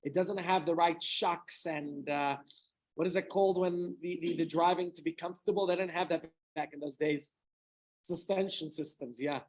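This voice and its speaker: A man's voice: on the high side, fairly even intonation, normal speed, rough recording. A middle-aged man, a rabbi, giving an informal talk to a small group, telling a story with chatty asides and questions to his listeners.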